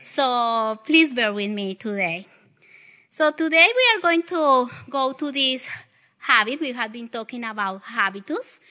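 A woman with a Southern accent teaching a church congregation, speaking in a warm, halting way with many fillers and restarts, into a pulpit microphone in a church. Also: fairly high pitch. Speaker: guest preacher. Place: church sanctuary. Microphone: pulpit mic she adjusts.

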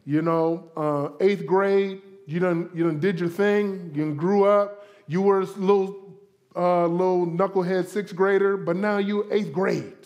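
A man from Florida preaching a sermon to a congregation, conversational and animated, acting out inner voices and playful asides. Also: sits high, a little slow, dull audio. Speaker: pastor.

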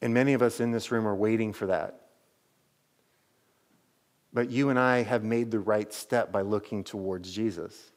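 A man's voice: fairly low pitch, a little mellow. A man preaching a sermon to his church as pastor, telling the story animatedly with many casual "like"s.

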